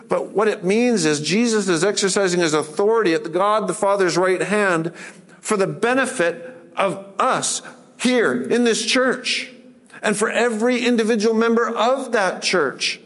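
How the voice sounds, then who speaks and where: A fairly high-voiced man preaches to his congregation, earnest and direct. He recites scripture with rising emphasis. The sound carries a long reverb from a large church hall. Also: animated, a little slow, fairly bright tone. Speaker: pastor. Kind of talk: sermon. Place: church sanctuary.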